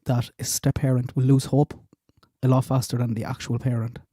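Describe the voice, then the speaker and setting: A male host chats casually with his panel and passes along viewer comments. His voice is very dark and mellow, recorded with a completely dry sound. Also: medium pitch, level tone, a little fast, husky, dry recording. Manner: chatty, reads viewer comments. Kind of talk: casual chat.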